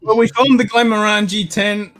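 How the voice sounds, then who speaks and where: An Australian man hosting a casual whisky livestream, loud and laughing, swearing freely. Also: high-pitched, little pitch movement, normal speed. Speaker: show host.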